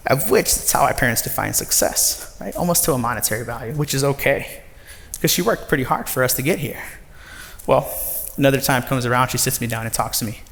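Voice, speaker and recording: Man in his 30s, speaker at a live talk, lively storyteller, mid-pitched voice, long hall reverb. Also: brisk, vocal fry. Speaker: nonprofit director giving a talk. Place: large former factory floor before an audience.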